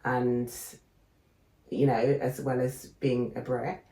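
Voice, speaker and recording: A woman's voice: extremely low pitch, slow, echoey room. A woman co-hosting a podcast, telling stories in casual chat and acting out the voices of people she quotes. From England. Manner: animated storyteller, acts out quoted voices. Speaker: podcast co-host.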